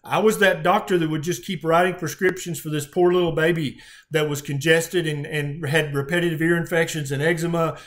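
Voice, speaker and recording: A man's voice: a little high, steady tone, a little fast. A middle-aged man, a physician telling a patient story in an earnest, emotional way with frequent restarts. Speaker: physician guest. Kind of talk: conversational storytelling.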